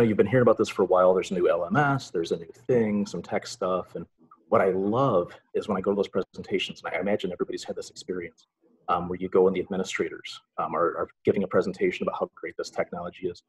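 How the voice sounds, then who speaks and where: A man's voice: low-pitched, rough recording. A middle-aged man, a college English instructor, giving a casual webinar presentation in a chatty way, full of filler sounds and dry sarcastic asides.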